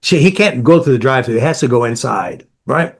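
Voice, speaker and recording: A man's voice: mid-range voice, lively intonation, brisk, gravelly, breathy edge. A man working as an emotional therapy coach, explaining his ideas through client stories in a direct, repetitive way. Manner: direct, repetitive, lists ideas in short bursts.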